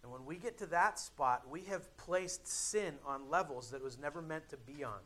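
A young adult male pastor preaching a sermon in a conversational way, with dramatic pauses and emphatic builds. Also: on the high side, sharp tone.

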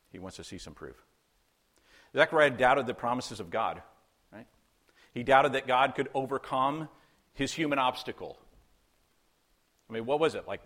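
A man's voice: mid-range voice, fairly bright tone. Male pastor, conversational sermon delivery, rhetorical questions, dramatized quotes.

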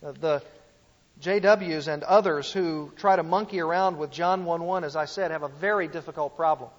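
High-voiced preacher in a hall. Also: male voice, normal speed, highs cut off. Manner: emphatic teaching with rhetorical questions to the audience. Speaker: pastor teaching a series. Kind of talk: sermon.

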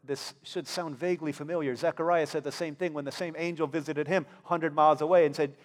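Brief: American man preaching a casual, animated sermon; fairly high voice, reverberant church hall. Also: fast talker, few pauses. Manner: conversational, acts out characters in playful voices. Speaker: pastor.

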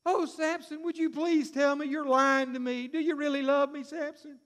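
A man's voice: very high voice, fairly even intonation, normal speed, a bit bright, pitched above the performer's own voice. A male preacher voicing a coaxing, pleading biblical temptress in sing-song tones during a sermon. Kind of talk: sermon storytelling.

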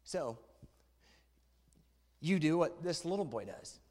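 Lively high-voiced preacher in a hall. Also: male voice, slow pace. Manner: lively, conversational, asks the audience questions. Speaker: pastor speaking to a youth congregation. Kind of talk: sermon with a read-aloud story. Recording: long reverb in a church hall.

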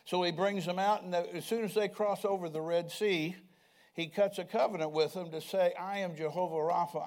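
A man's voice: high voice, steady tone, normal speed, darkish tone. An older man preaching a sermon in a conversational way, often asking the congregation questions. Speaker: pastor.

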